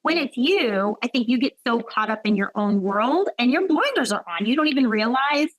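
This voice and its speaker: A woman physician, a guest in a conversational interview, speaks in a fairly high, animated voice at a moderate pace. She reflects aloud, often adding "right?" and "like," while a crowd can be heard behind her in the low-quality recording.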